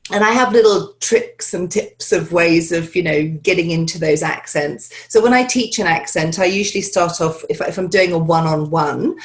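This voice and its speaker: A woman with a fairly low voice talks through her work as an accent and dialect coach. She rambles in a chatty way and leans on fillers as she explains. It sounds like a video call from her home. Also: normal speed, few pauses. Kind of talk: conversational interview answers.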